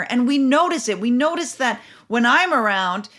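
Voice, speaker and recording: A woman's voice: fairly high pitch, expressive, normal speed, a bit bright. A middle-aged woman, a parenting coach and podcast host, gives casual advice and explains through anecdotes and numbered steps.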